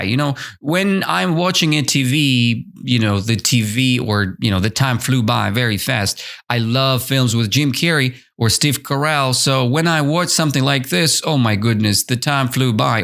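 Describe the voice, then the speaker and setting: A podcast host whose first language is Russian walks learners through a children's story in a chatty, animated way. His pitch rises and falls a lot as he explains. He speaks slowly and often corrects himself mid-sentence. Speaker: English teacher, podcast host. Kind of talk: storybook lesson explaining vocabulary.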